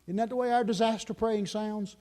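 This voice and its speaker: A male pastor preaching a sermon in church, emphatic, swinging from loud pleading to hushed, earnest calls. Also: sits high, steady tone, fairly quick. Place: church sanctuary.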